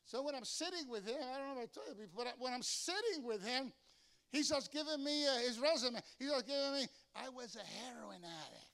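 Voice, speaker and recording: High, bright-voiced pastor telling stories. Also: male voice, fast, clear, resonant tone. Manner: storytelling, animated, acts out voices in anecdotes. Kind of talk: sermon. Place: church sanctuary.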